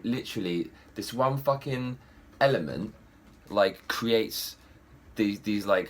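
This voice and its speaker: A young man giving a profane, animated ranting film review. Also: on the low side. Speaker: movie reviewer.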